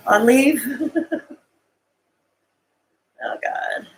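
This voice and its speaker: A woman with a somewhat high voice talks to her live chat in a rambling, distraught monologue. She is tearful and bitter, and breaks into short, humorless laughs as she talks. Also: extremely slow, a little hiss or hum, poor audio. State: tearful, crying at times. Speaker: vlogger talking to live chat. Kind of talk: emotional live-stream monologue.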